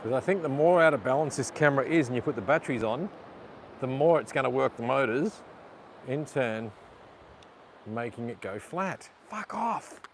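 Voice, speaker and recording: Live-streaming outdoors by the sea, a vlogger with a mid-range voice at normal speed struggles to fix his camera gimbal. He swears at it often in frustration while apologizing to viewers, and passing vehicles add to the outdoor noise.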